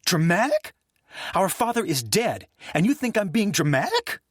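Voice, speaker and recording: A man's voice: medium pitch, lively intonation, normal speed, a bit bright, dry recording, clean studio sound. A male narrator voicing a grieving adult man who lashes out at his brother in bitter, accusing outbursts. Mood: furious. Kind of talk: audiobook character voice.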